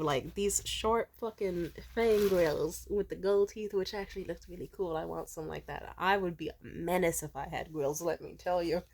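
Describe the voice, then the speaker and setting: A tired, sleepy young woman vlogger telling a story in casual chat, animated, laughing often and swearing freely. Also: mid-range voice.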